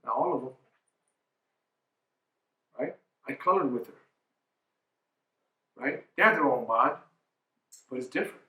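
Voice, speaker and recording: A man's voice: medium pitch, pushed and bright, roomy sound. A man in his forties giving a motivational keynote talk as a coach, emphatic, often asking "right?". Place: conference hall.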